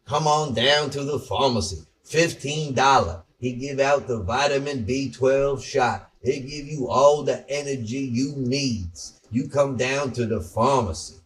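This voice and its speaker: A man's voice: mid-range voice, measured pace, few pauses, far from the mic, pitched above the performer's own voice, close to an everyday voice. A man imitating a sloppy small-town male pharmacist who hawks vitamin shots in drawling, broken grammar. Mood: huckstering.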